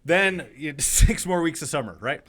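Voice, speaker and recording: A man's voice: a little high, animated, moderate pace, a bit bright. A man in his forties, co-hosting a casual podcast chat, telling stories animatedly and swearing freely. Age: 40s. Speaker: podcast co-host.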